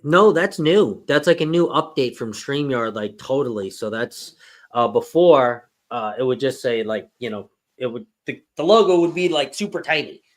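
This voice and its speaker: Brief: man of average pitch, rambling casual stream host, mic across the room. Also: expressive, normal speed. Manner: rambling, lots of "you know" fillers. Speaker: livestream host. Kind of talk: casual tech chat. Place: home streaming setup. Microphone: microphone in corner of the room.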